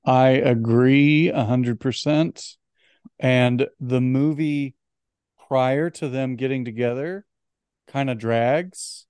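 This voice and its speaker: Rich: A man co-hosting a casual film podcast, talking in a smooth, resonant voice. The sound is dry and close, with no room around it. He is animated and often stumbles and restarts his words. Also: mid-range voice, slow, no echo. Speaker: podcast co-host.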